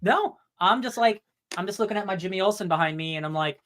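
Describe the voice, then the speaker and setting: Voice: medium pitch, quick pace. A podcast co-host, joking playfully in casual chat. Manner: playful, jokey, animated.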